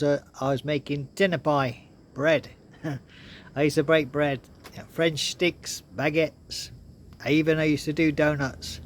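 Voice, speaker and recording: A man's voice: on the high side, slight background noise. Chuckling older man telling stories. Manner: rambling, chuckles often between lines. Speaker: vlogger. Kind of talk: casual storytelling to camera.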